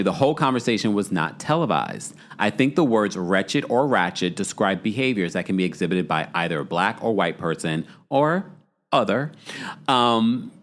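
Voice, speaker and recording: A man's voice: fairly low pitch, fairly bright tone. A man hosting a live show, chatting casually and reading viewer comments aloud with sassy asides. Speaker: podcast host recapping a reality show.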